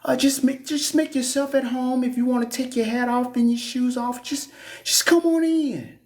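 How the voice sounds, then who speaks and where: A man voicing an overly sweet, fake church greeter in a high, sugary falsetto. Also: moderate pace, a little mellow. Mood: syrupy.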